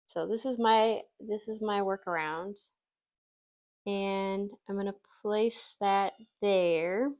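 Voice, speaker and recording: A woman from Wisconsin hosting a casual crafting tutorial, chatty and self-deprecating, laughing easily as she works. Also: medium pitch. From Wisconsin, USA. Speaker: craft channel host.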